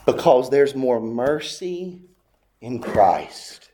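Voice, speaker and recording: A male pastor delivering a sermon, with an impassioned, repetitive cadence and a voice that climbs high on heartfelt pleas. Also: very animated, slow pace, long pauses, warm tone, a little hiss or hum.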